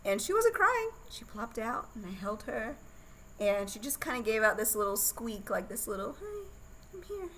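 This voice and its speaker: A woman's voice: medium pitch, fairly even intonation, moderate pace, a bit bright, a little hiss or hum, low-quality recording. A woman guest on a podcast telling her birth story in a candid, chatty way, laughing often.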